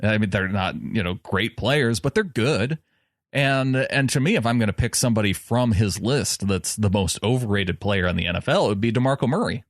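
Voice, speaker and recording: A man's voice: on the low side, animated, a little fast, no room sound, studio quality. A man co-hosting a sports podcast, chatting in an easygoing way and laughing often. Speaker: podcast co-host. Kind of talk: casual sports chat.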